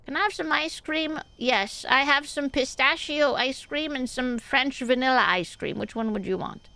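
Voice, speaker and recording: A woman voicing a sweet, doting old grandmother who coaxes a child with treats, in a gentle, slow manner. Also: high-pitched, no echo. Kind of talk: live-stream character voice.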